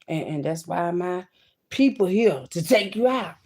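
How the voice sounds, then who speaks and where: A woman giving a card-reading monologue, swinging between loud outbursts and hushed asides and calling her listeners "baby" and "child". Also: on the low side, expressive, measured pace. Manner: talks to viewers as "baby" and "child".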